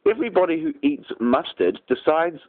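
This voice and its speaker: A man's voice: a little high, very animated, brisk. A man rambling through a crude, improvised nonsense story, giggling at his own jokes. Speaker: vlogger telling an improvised rant. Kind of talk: improvised absurd storytelling rant. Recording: tinny phone-like audio.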